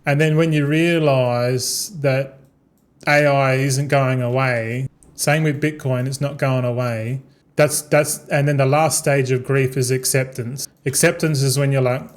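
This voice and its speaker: A man's voice: mid-range voice, steady tone, measured pace. A young man streaming a game, rambling casually with many restarts and swearing as he talks. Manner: repetitive, stumbling, swears freely. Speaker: gaming streamer.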